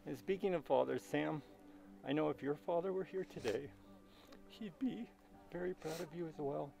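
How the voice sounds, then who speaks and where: A middle-aged man leads a wedding ceremony in a solemn, measured tone. His voice is gravelly and sits fairly high for a man. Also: mellow, low-quality recording. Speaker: wedding officiant and father of the bride. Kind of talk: formal wedding ceremony address.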